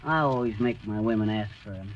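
An actor playing a bumbling, folksy husband in a 1930s radio comedy. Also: male voice, lowish voice, fairly quick, lo-fi sound, very noisy, close to an everyday voice. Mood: drowsy. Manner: folksy, blustering.

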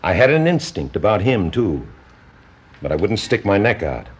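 A husky, insistent psychiatrist. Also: male voice, on the low side, very animated. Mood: persuasive. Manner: measured, persuasive, probing. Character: calm, insistent male psychiatrist doctor. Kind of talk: old film drama.

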